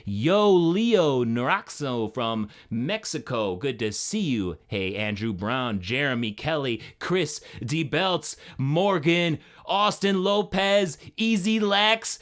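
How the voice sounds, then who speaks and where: A man hosting a live stream, energetic and friendly, greeting chat viewers one by one by name. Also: fairly high pitch, slow.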